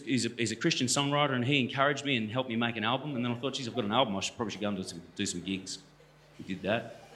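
A man's voice: medium pitch, bright, forceful tone. A man in his thirties with an Australian accent, a guest speaker telling stories to a church audience in a chatty, joking way that speaks to the crowd directly. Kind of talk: storytelling talk to a church audience. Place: church hall.

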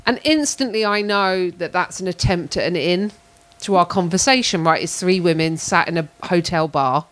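A woman's voice: on the low side, moderate pace, hardly any pauses. A woman telling a story in casual chat, acting out the people in it. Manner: animated storyteller, acts out voices. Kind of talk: casual anecdote.

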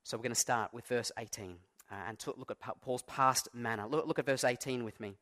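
A man's voice: mid-range voice, fairly quick, a bit bright. A man preaching a sermon as pastor, conversational and self-deprecating, stressing key words. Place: church.

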